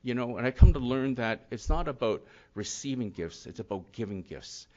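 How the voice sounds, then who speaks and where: A man's voice: medium pitch, lively intonation, moderate pace, darkish tone. A middle-aged man giving an earnest, rambling personal testimony at a recovery talk, full of "you know" and "and yet". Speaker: speaker sharing his recovery story. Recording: slightly dull lo-fi sound.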